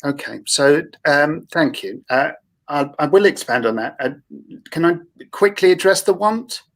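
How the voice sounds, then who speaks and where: Gravelly London man, rambling and earnest. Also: on the high side, animated, unhurried, a bit bright. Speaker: guest therapist. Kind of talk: casual group discussion.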